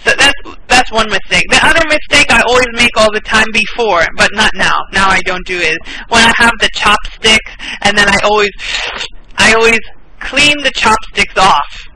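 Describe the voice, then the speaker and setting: A woman's voice: medium pitch, moderate pace. An American woman teaching an online English class, patient, repeating words and laughing often. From United States. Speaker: English tutor. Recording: steady background noise with clicks.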